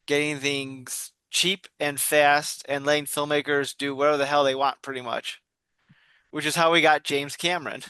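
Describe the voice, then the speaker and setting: A man's voice: fairly high pitch, little pitch movement, normal speed, sharp tone, clear, resonant tone, no echo. A man in his forties co-hosting a casual podcast, telling jokey self-deprecating stories. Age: 40s. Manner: joking, self-deprecating storyteller. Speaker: podcast co-host. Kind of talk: casual chat.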